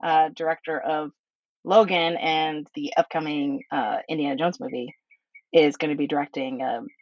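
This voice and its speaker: Low-voiced woman podcast host, lo-fi. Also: steady tone, moderate pace, dry recording. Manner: thoughtful, hesitant, many fillers. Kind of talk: casual chat. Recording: slightly dull lo-fi sound.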